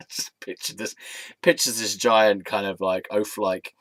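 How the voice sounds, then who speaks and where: A man's voice: lowish voice, level tone, a little slow, fairly bright tone, no echo, studio quality. A young man telling rambling, silly stories to his camera, giggling often and slipping into put-on voices. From England. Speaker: vlogger. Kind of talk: rambling casual vlog storytelling.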